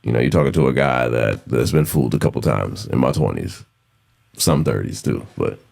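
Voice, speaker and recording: His pitch is extremely low, with vocal fry and a darkish tone, and he talks briskly. The man, in his thirties, runs a casual solo podcast where he curses, speaks bluntly, and repeats himself for emphasis.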